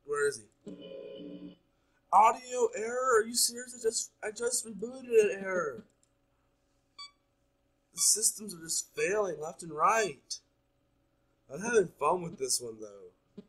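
A man's voice: high voice, expressive, slow pace, pauses often, a bit bright, slightly rough, poor audio. A man playing a horror game, chattering nonstop and jumpy as he talks his audience through it. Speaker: gaming YouTuber. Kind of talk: horror game let's play commentary.

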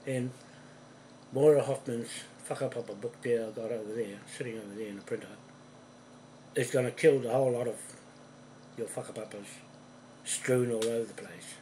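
A man rants straight at the camera from his home, accusing and swearing, his voice surging louder as he gets worked up. His pitch sits mid-range, and a faint ambient hum runs under the recording. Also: fairly even intonation, moderate pace, long pauses, rough recording. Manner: accusing, profane, calls people out by name; forceful, ramps up in volume when heated. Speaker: video ranter. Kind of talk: angry monologue to camera. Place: room at home.

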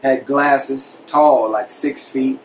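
A man's voice: mid-range voice, slow, slight background noise. Man telling a story from a distance. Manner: conversational, animated retelling with quoted dialogue. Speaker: podcast host telling a personal prison story. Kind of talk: casual storytelling.

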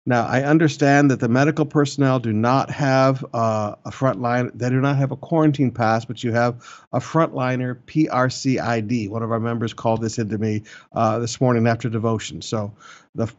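A man's voice: mid-range voice, steady tone, moderate pace, a little mellow, dull audio. An older man preaching as a pastor, earnest and repeating his key points for emphasis. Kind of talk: sermon and church announcements. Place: church in the Philippines.

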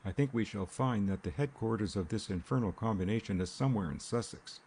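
A man reading a reserved young gentleman in a novel, calm and guarded. His words come measured and quiet. The tone is low and mellow. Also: slight background noise, lightly acted.

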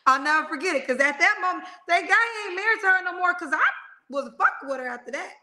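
Woman, livestream host, high pitch, bright tone, blunt and animated. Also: quick pace. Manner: loud, blunt and animated storytelling. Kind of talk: casual live-stream chat.

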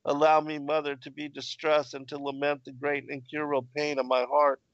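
A weeping young woman held captive, read out by a man in a fairly high voice. The sound is dull and dry. The delivery stays plain and measured. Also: completely flat delivery, no room sound, lightly acted. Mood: sorrowful.

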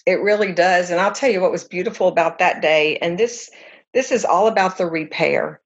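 A woman's voice: fairly low pitch, moderate pace, highs cut off. A woman counselor, a guest, explaining in an earnest, conversational way and telling examples with animation.

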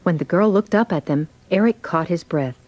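Low-voiced woman narrating a storybook. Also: moderate pace, darkish tone, poor audio.

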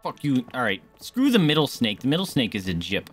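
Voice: mid-range voice, huge pitch swings, fairly quick, faint music behind. A gamer in casual banter on a co-op stream, teasing the partner and swearing freely. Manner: joking, teasing, frequent swearing.

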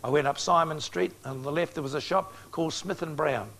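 A man in his sixties preaches an evangelistic sermon in a fairly quick, somewhat high voice that is creaky with a fairly bright tone. He addresses his audience directly and tells stories, acting out the dialogue.

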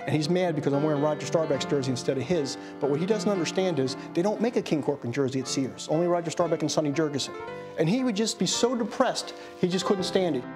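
A man from Maryland telling animated family anecdotes in a documentary interview, often mimicking his father's lines. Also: a little high, quick pace, music in the background. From Maryland, USA. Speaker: interviewee, son of the subject.

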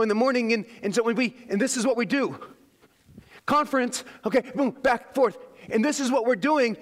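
A man's voice: high voice, a bit bright, in a large hall. A man preaching a sermon as pastor, emphatic, asking the congregation for an "amen" now and then. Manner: emphatic preaching with call-and-response asides.

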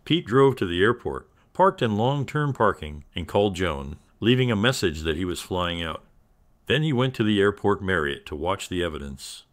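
A man reading a scripted story in an even, measured storytelling manner. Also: sits low. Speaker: narrator. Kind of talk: scripted narration.

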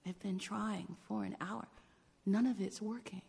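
A woman in her forties telling personal stories in a sermon, swinging between hushed whispers and loud exclamations. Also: medium pitch, steady tone, a little slow, creaky, big-room sound. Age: 40s. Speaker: guest preacher and storyteller. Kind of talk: storytelling sermon. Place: church sanctuary.

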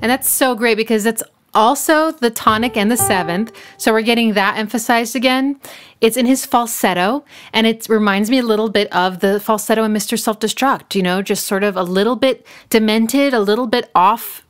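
A woman's voice: on the high side, normal speed, faint music behind. A woman giving an enthusiastic, casual breakdown of a song, now and then singing short snippets and playing with words. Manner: enthusiastic, playful wordplay, sings snippets. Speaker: music analyst.

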